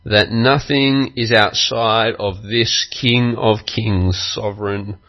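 A man preaching a sermon as pastor, telling a story slowly and earnestly and acting out its quotes. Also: on the low side, steady tone, highs cut off.

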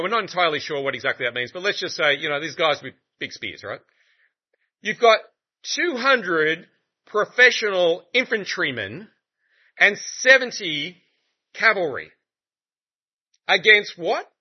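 Animated, joking male preacher. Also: high-pitched. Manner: animated, conversational and humorous. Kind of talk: sermon. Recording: muffled lo-fi recording.

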